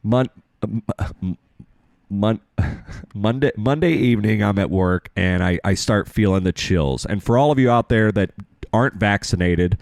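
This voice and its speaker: A man's voice: on the low side, darkish tone, dry recording, clean studio sound. A man hosting a casual show, telling a crude, self-mocking story about falling ill. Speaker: show host.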